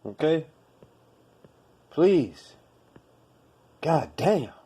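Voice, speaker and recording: Dude going off on a podcast, blunt and cussing, mellow low-key tone. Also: male voice, sing-song, drawn-out words, slightly rough. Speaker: podcast host. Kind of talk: profane commentary rant.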